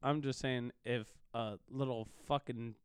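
A man's voice: mid-range voice, steady tone, a little slow, clean tone, no room sound. A young man co-hosting a podcast, chatting casually with a profane, joking, mock-angry bickering manner. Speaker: podcast co-host. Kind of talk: casual chat.

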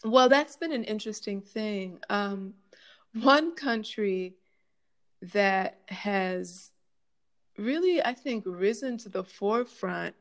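A woman's voice: medium pitch, expressive, slow pace. A middle-aged woman educator answering audience questions in a reflective, impassioned way, full of rhetorical questions. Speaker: guest speaker, college educator. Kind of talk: conversational Q&A answers.

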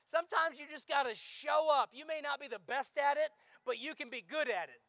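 A male pastor preaching a lively sermon, sometimes shouting out acted-out lines. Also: very high voice, a little fast, no room sound.

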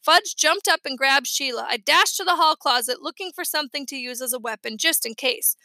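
A woman reading a children's chapter book aloud with lively, expressive storytelling. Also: sits high, brisk, no echo. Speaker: audiobook reader. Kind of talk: storybook narration.

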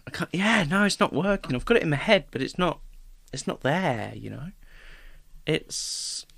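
Man, podcast co-host, casual swearing banter, gravelly bright voice, dry close mic. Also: a little high, normal speed, no echo. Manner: swears a lot, lively, jokey. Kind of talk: casual chat.

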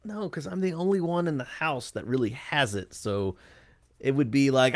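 A man's voice: medium pitch, normal speed, no echo. A man co-hosting a podcast, chatting casually with dry humor. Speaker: podcast co-host. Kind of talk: casual chat.

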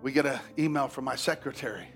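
A male pastor preaching a sermon, telling a story with animated swings from hushed asides to shouts. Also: mid-range voice, fast talker, faint music behind.

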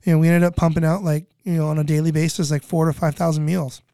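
A man's voice: on the high side, little pitch movement, fast talker, warm tone, clear, resonant tone, no echo, clean studio sound. A middle-aged man from California telling a story in casual chat, rambling and repeating himself, acting out other people's voices. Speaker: guest recounting flood relief work.

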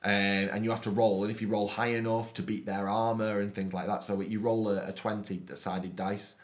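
A man's voice: fairly low pitch, flat delivery, moderate pace. A young man chatting casually, explaining things in a rambling, self-correcting way. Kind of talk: casual chat.

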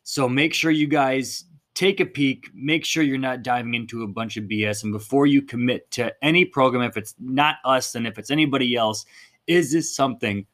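A man's voice: mid-range voice, moderate pace, a bit bright. A man hosting a fitness podcast in a blunt, fired-up monologue, swearing casually as he talks.

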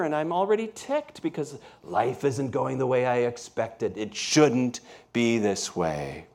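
A man's voice: medium pitch, expressive, a little slow, vocal fry, a little mellow, a little hiss or hum. Conversational male pastor preaching a sermon. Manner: conversational storytelling, asks the congregation questions. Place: church.

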